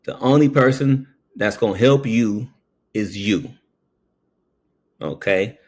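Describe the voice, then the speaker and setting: Slow-talking man telling a story. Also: darkish tone, breathy edge. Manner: slow, keeps saying "okay?" between phrases; acts out quoted voices with sudden high pitch. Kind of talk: casual storytelling monologue.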